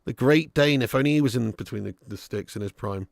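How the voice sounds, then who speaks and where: A man hosts a live football watch-along for his viewers, yelling at the referee and then sinking into low muttering. His voice is bright and edgy, with a gravelly rasp. The sound is dry and close. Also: big pitch swings, a little fast, no room sound. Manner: swears and chats with live viewers. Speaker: fan channel host.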